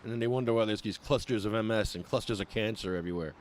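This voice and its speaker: A man's voice: lowish voice, quick pace, slight background noise. A man ranting with sarcasm as a cannabis patient activist, livestreaming from an outdoor protest on his phone.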